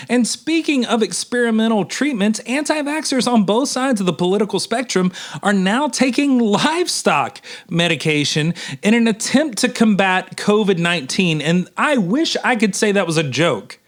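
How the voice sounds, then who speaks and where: A male minister delivering a humorous sermon with emphatic, animated commentary, often addressing listeners as y'all. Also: high voice.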